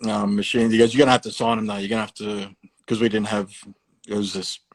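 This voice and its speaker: A man's voice: lowish voice, level tone, fast. An Australian man, a tattoo artist, telling stories in a casual, rambling way, full of swearing and fillers. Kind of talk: casual storytelling.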